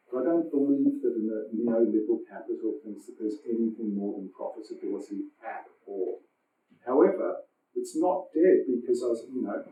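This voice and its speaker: Man, roomy distant mic. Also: mid-range voice. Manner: animated, profane, many restarts and fillers. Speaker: philosopher guest. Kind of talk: casual conversational interview. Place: lecture room.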